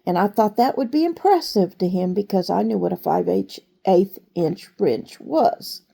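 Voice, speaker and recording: Brief: a woman storyteller with a gravelly, mellow voice, conversational and unhurried. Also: mid-range voice, expressive, slight background noise. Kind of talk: personal storytelling.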